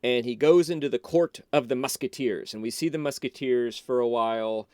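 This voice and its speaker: Smooth-voiced man telling a story. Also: medium pitch, normal speed, no echo, clean studio sound. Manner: animated, loose, full of "like" and restarts. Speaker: podcast guest. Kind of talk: casual storytelling, retelling a film.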